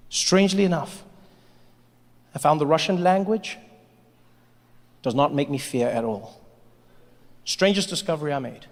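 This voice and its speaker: A man's voice: fairly high pitch, normal speed, pauses often. A man doing a stand-up set, talking directly to the audience in a chatty, conversational way. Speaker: stand-up comedian. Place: large venue, live audience. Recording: live hall with long reverb and faint crowd.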